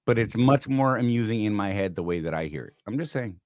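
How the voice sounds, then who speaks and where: With a low-leaning voice and a quick, animated pace, this podcast host in his fifties chats casually on a live-stream. He jokes, rambles, and makes fun of himself. The sound is studio quality with no room ambience.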